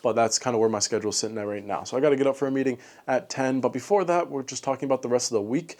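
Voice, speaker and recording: A man's voice: mid-range voice, a little mellow. A man giving a casual late-night vlog recap of his day, rambling with lots of fillers and ending with upbeat encouragement. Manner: talking a little fast late at night. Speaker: fitness vlogger.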